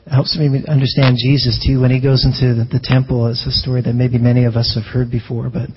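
A man's voice: mid-range voice, flat delivery, fast talker, slightly rough, lo-fi sound. A man preaching a sermon as a pastor in a conversational way, often restarting phrases and asking rhetorical questions.

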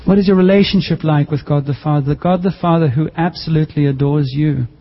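An earnest male pastor preaches a sermon, his voice set a little high and pleading with the listeners. The sound is muffled and dull, and it rings out in a hall with a long reverb tail. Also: fairly even intonation, fast.

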